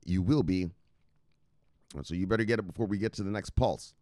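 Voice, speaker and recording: A man's voice: low voice, a little fast, mellow, no echo, clean studio sound. A man hosting a casual crypto news show, playful and loose, chanting sing-song refrains and swearing freely. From United States. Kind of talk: casual market commentary.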